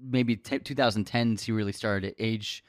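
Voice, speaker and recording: Guy chatting about a movie, kinda low voice, dry sound, lots of restarts. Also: steady tone, moderate pace, no room sound. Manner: conversational, restarts often. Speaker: film podcast co-host. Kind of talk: casual film discussion.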